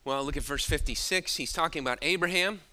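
A man's voice: a little high, fast, sharp tone. A man preaching a sermon, emphatic and drawing out his key words.

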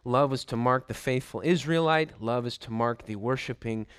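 A man preaching a sermon, emphatic and deliberate, stressing points by repeating short phrases. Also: mid-range voice, clean tone, no echo, clean studio sound. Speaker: pastor.

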